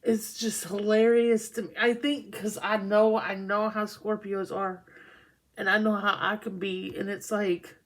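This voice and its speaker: Woman, tarot reader, unhurried, giggly, casual chat. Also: mid-range voice, little pitch movement. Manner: laughing, amused, chatty.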